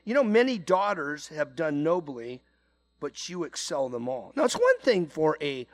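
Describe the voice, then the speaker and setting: Man, middle-aged, pastor, sermon, conversational, repeats words, slightly high-pitched. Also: fairly bright tone. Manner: conversational, repeats words, frequent "you know".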